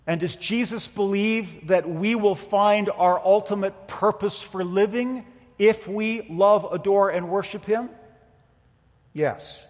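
A pastor preaching to his congregation, a man with a notably high voice who builds emphatic rhetorical questions and then drops quiet. His words hang in the long reverb of a church hall. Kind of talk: sermon.

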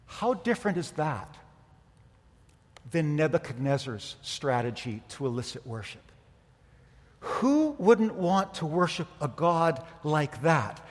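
A man preaching a sermon as pastor, emphatic, with rhetorical questions and swings from loud to quiet. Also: on the high side, big pitch swings, unhurried, slightly rough. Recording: long hall reverb.

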